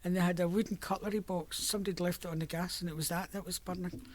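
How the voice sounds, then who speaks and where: A woman's voice: fairly low pitch, fairly even intonation, racing, heavy background noise. An older Scottish woman reminiscing about her working life in a chatty, storytelling way, laughing often. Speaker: interviewee. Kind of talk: reminiscing oral history.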